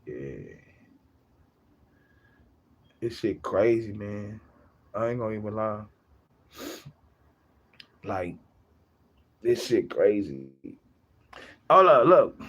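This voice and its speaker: A man's voice: fairly low pitch, very animated, very slow, pauses often, fairly bright tone, dull audio. A young man chatting casually on his livestream, rambling, repeating himself and laughing often.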